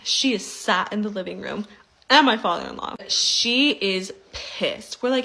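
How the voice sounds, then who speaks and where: A young woman casually telling a personal story, animated and mimicking the people she quotes. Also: medium pitch, a little slow, gravelly, low-quality recording.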